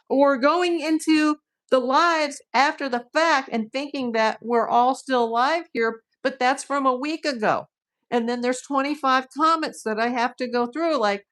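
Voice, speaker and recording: Woman on her live stream, kinda high voice, blunt and frank, laughs a lot. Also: unhurried, a bit bright. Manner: blunt and frank, acts out what commenters say; laughs easily between points. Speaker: livestream host. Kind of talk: casual livestream chat.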